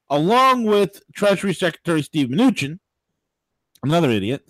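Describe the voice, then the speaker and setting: Animated male talk radio host. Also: on the high side, normal speed, dry recording. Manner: animated, ranting with mock voices and laughs. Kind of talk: political talk radio commentary.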